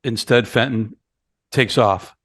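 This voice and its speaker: A man's voice: mid-range voice, slow, fairly bright tone, no echo. Man, podcast co-host, casual movie chat, scene recaps, quoted dialogue. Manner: retells scenes, acting out lines.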